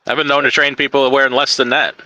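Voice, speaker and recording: A man's voice: medium pitch, little pitch movement, fast, bright, forceful tone, muffled recording. A man who hosts a trucking live stream, chatting casually and teasing his guest with jokes. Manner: joking, teasing.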